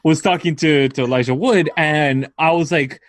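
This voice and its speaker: A man's voice: on the high side, moderate pace. A man co-hosting a casual podcast, telling a rambling story and laughing often. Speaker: podcast co-host. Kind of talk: casual chat.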